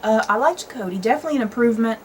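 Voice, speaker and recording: A woman host leads a relaxed conversation with a fairly high voice, laughing often and letting her pitch jump around. A faint hiss sits under the recording. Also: very fast, poor audio. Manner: chatty, laughs often, lively swings in pitch. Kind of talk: casual chat.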